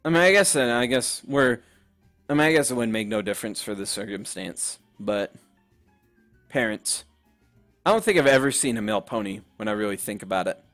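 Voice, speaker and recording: A man's voice: fairly low pitch, lively intonation, fairly quick, a bit bright, faint music behind. A young man commenting on a game he is playing, joking and offhand. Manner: wisecracking, offhand. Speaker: let's play gamer.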